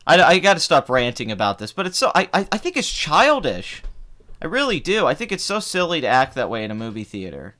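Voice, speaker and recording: A man's voice: fairly high pitch, wildly swooping pitch, a little fast, pushed and bright. A man in his twenties, hosting a film channel, ranting heatedly and with profanity in casual live stream chat. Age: 20s. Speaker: film review channel host.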